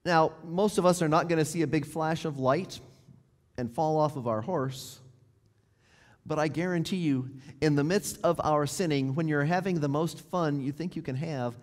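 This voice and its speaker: Man in the pulpit, somewhat high voice, conversational storytelling sermon, phrases fading to a hush, church reverb. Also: normal speed. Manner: drops to a near hush at ends of phrases, then rises. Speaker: pastor. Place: church sanctuary.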